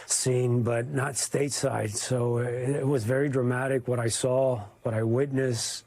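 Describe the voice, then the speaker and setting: A male photojournalist giving an interview, telling his story in a halting, emotional way. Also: medium pitch, little pitch movement, darkish tone, dry recording. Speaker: news photojournalist guest. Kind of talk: interview recollection.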